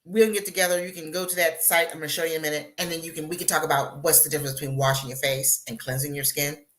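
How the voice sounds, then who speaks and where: A woman's voice: sits low, fast. A woman hosting a live show as a beauty consultant, chatting casually with viewers and acting out little asides. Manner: chatty, animated, acts out voices in asides.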